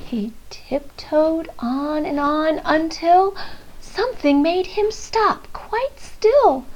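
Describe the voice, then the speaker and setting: A woman reading a rhyming children's picture book aloud in a gentle, rhythmic way. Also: high voice, takes it slowly. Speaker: narrator. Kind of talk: storybook read-aloud. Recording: dull lo-fi recording.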